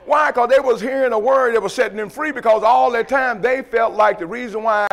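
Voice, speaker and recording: A man's voice: extremely high pitch, brisk, creaky. A man preaching a testimony sermon, emphatic and repetitive, often asking "you know what I mean" and restarting his words.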